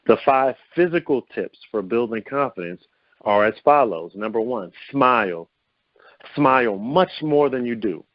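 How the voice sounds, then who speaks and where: A man's voice: a little slow, no echo. Male call host with a mid-range voice, upbeat and quizzing his audience with rhetorical questions; lo-fi, dry call audio. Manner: upbeat coaching tone, asks listeners many rhetorical questions; lively pitch swings to show vocal variety. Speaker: host of a confidence coaching call. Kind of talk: motivational teleconference talk.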